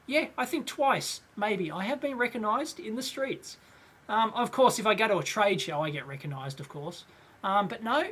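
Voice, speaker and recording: A man's voice: high voice, a bit bright, husky. A middle-aged Australian man hosting a casual live question-and-answer show, rambling with many fillers and frequent chuckles. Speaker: host.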